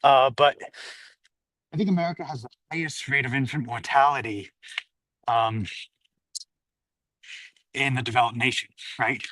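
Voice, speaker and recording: A slightly winded man chats through a livestream while walking uphill outdoors. He rambles from point to point and reads out viewer comments as he goes. His voice is mid-pitched and sounds dry and close, with no room echo. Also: normal speed, long pauses, fairly bright tone. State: slightly out of breath. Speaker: livestream host. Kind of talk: casual livestream talk while walking a dog. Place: outdoors on a hillside street.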